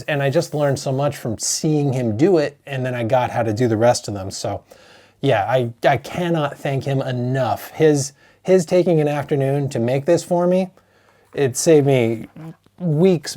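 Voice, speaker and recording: A man, a board game designer chatting excitedly through an unboxing of his own game, openly emotional. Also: medium pitch. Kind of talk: unboxing vlog.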